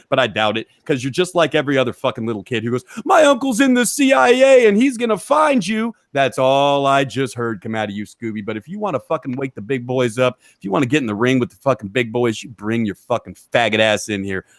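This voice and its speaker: A man's voice: mid-range voice, a bit bright, dry recording, clean studio sound. A man hosting a livestream, angrily taunting someone in a heavily profane rant. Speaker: stream host.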